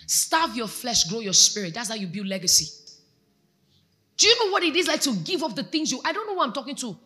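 A woman's voice: sits high, very animated, fairly quick, bright, forceful tone. A Nigerian woman pastor preaching a sermon, exhorting her congregation and asking them questions. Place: church.

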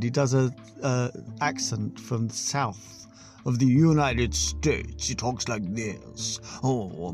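Guy rambling on his podcast, gravelly voice, laughs a lot, swears loads, bit of music under it. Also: medium pitch, a little mellow. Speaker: podcast host. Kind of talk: casual solo podcast monologue.

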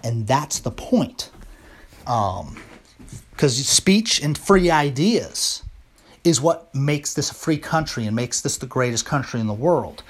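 A man's voice: medium pitch, big pitch swings, takes it slowly, husky. An American man in a casual monologue to camera, talking through his opinions in a rambling, opinionated way. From United States. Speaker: vlogger.

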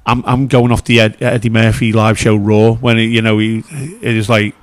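A man's voice: fairly low pitch, flat delivery, slight background noise. A man hosting a casual interview, stumbling and restarting his sentences as he asks questions. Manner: halting, many restarts and fillers. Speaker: podcast host.

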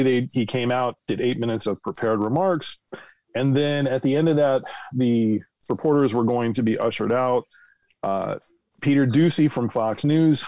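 A man co-hosting a casual podcast, recapping the news in a relaxed, conversational way. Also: medium pitch, no echo, rough recording. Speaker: podcast co-host.

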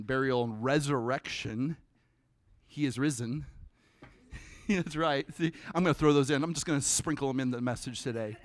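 Animated preaching man, dry close sound. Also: on the high side, no room sound. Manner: animated, conversational preaching with sudden drops to a hush. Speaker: pastor. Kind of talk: sermon.

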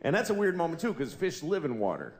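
A man in his forties performing a stand-up comedy routine on stage, deadpan and exasperated, breaking into shouted voices now and then. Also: a little high, fast talker. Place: large theater stage with a live audience. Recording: echoey live hall with audience noise.

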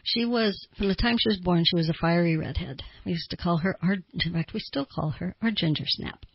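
A middle-aged woman with a low, gravelly and slightly husky voice talks through a podcast lesson as a therapist. She explains calmly and slows down over lists of feelings. The sound is dry and a little dull. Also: no room sound. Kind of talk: podcast teaching talk.

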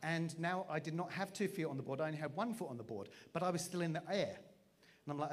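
A man, preaching through a funny personal story with a self-mocking, animated manner and acted-out voices. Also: fairly high pitch, a little fast. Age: 40s. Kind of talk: storytelling sermon.

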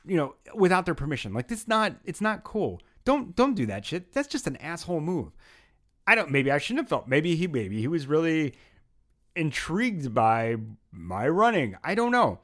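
Lively, rambling male podcast host. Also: fairly high pitch. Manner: rambling, self-mocking storytelling. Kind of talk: casual monologue and chat.

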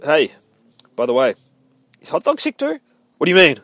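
A man's voice: a little high, huge pitch swings, moderate pace, fairly bright tone, no echo, pitched above the performer's own voice, exaggerated voice. A man voicing a friendly, easygoing teenage boy in a casual, chatty way while reading a comic aloud. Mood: curious.

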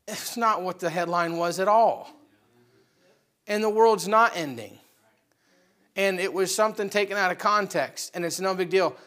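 Male pastor, high and bright-toned, conversational sermon delivery, animated with sudden loud and soft swings. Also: normal speed, long pauses. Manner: animated, swings between loud outbursts and quiet asides; conversational preaching, addresses the congregation directly.

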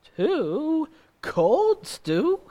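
An actor playing a nervous, bumbling young husband who stammers with many hesitations, in 1940s radio acting. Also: male voice, high voice, huge pitch swings, slow pace, exaggerated voice. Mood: flustered.

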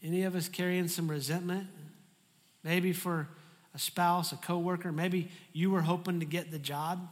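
A man preaching a sermon as a pastor, animated and humorous in how he tells the story. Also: high voice, normal speed, long reverb tail.

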